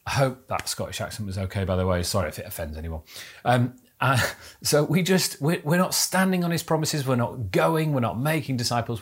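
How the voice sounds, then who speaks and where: A man's voice: mid-range voice, lively intonation, fairly quick. A man preaching a sermon to his church, earnest and exhorting, building up to emphatic peaks. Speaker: pastor.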